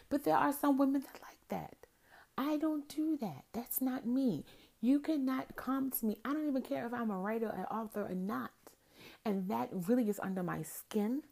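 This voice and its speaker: A woman's voice: a little high, gravelly. A woman in her forties, ranting sassily in a casual monologue about dating and texting, tired and crampy. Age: 40s. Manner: sassy, animated ranting. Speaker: vlogger.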